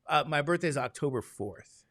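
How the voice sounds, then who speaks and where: A man's voice: a little high, expressive, normal speed, a bit bright, dry recording, studio quality. A man, a statistics instructor chatting casually and jokingly with his class before a lesson. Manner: chatty, joking storyteller, acts out quoted voices.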